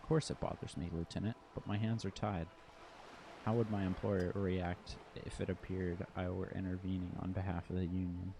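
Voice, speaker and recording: A man reading the lines of a composed, guarded woman who acts as liaison for hired mercenaries, in a calm, measured way. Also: low voice, gravelly, noisy background.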